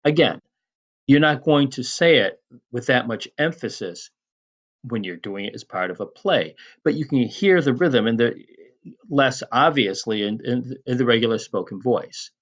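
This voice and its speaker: A man teaching Latin poetic meter in a recorded lecture, measured and prone to restarts and fillers. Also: medium pitch, expressive, a bit bright.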